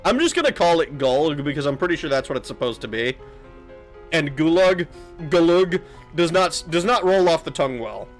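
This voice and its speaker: A man's voice: fairly high pitch, expressive, normal speed, faint music behind. A young man casually commentating a game stream, joking crudely and laughing often.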